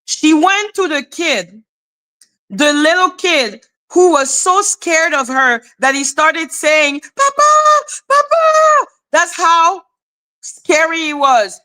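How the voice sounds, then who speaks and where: A woman hosts a relaxed live stream, recounting a piece of gossip with animated exasperation and plenty of swearing. She has a high voice and speaks slowly.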